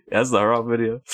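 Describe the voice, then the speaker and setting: A man streaming a game, reacting casually and laughing at a clip. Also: medium pitch.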